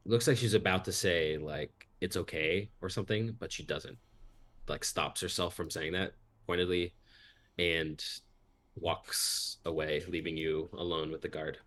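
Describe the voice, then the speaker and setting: A man's voice: deep voice, steady tone, a little slow, fairly bright tone. A man narrating a tabletop game as game master, in a casual style full of fillers.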